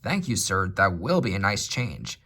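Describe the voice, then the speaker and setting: A man voicing a gentle, polite engine. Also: deep voice, big pitch swings, unhurried, slightly rough, full character voice. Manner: soft, polite. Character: gentle, kindly male engine.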